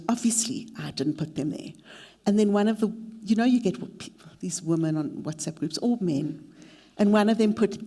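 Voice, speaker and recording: A woman's voice: medium pitch, normal speed, mellow. A middle-aged woman leading a mentorship workshop, mixing practical advice with a candid, self-deprecating personal story. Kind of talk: workshop talk with personal anecdote.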